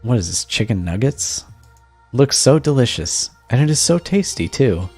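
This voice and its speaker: A man's voice: mid-range voice, sing-song, moderate pace, mellow, slightly rough, faint music behind. A man voicing a young husband who has just woken from a coma, sounding bewildered as he reads a text game aloud.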